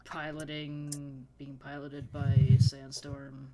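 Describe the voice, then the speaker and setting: A player with a middle pitch asks practical questions during a tabletop role-play. There is clear noise behind the voice chat audio. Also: monotone, slow.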